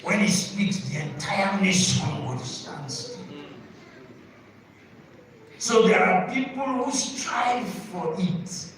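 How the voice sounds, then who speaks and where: Pastor preaching in an echoey hall. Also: male voice, high voice, very animated, slow, long pauses. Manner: preaching with sudden shouted bursts and call-and-response questions. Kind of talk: sermon. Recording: echoey hall from far off with noise.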